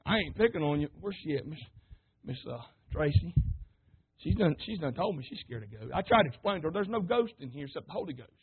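A man preaching a sermon, fervent and calling out to his congregation, sometimes rising to shouts. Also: fairly high pitch, very animated, fast, breathy edge. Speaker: pastor. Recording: tinny phone-like sermon recording.

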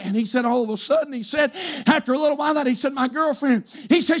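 A male pastor preaching a fiery revival sermon, shouting his points and dropping to a hushed voice for stories. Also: extremely high pitch, fast. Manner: shouting, swinging from loud to hushed storytelling.

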